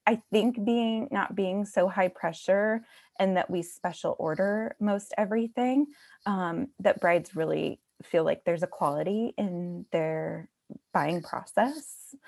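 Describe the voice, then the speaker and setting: A woman's voice: medium pitch, slow, creaky, darkish tone. A woman who owns a bridal shop, talking casually in a podcast conversation with many fillers and restarts. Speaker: bridal boutique owner.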